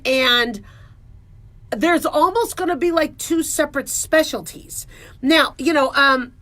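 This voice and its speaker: A woman's voice: high-pitched, pushed and bright. A woman who is a family medicine doctor, talking casually and playfully about her work. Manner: chatty, playful, jumps into voices. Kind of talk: casual talk monologue.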